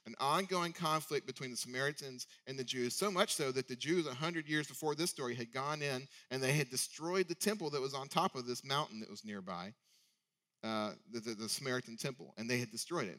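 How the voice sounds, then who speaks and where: A man's voice: medium pitch, bright, forceful tone. A male preacher giving a sermon in a conversational way, often asking rhetorical questions.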